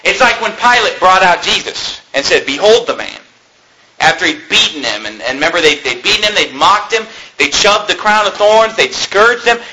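A man preaching a sermon as pastor, emphatic, with repeated phrases and sudden loud peaks. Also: high-pitched, big pitch swings, moderate pace, few pauses, a little hiss or hum, low-quality recording.

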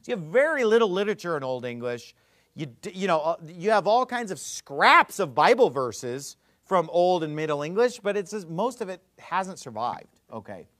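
A man lectures a class in a high, lively voice that climbs and dips freely. He explains step by step and slips in joking asides. The recording is dry and close, with no room sound. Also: normal speed, no room sound.

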